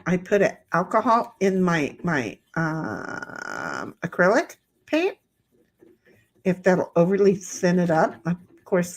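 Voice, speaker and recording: A woman hosting a casual livestream, reading chat messages aloud in playful voices and rambling with many restarts while she paints. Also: lowish voice.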